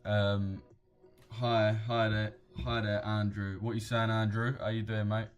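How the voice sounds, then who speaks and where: Young man, low-ish voice; laddish live-stream chatter with viewers, heavy slang, faint music underneath. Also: flat delivery, a little slow. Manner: slangy, laddish, addresses chat as boys and mate. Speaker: live-streaming forex trader.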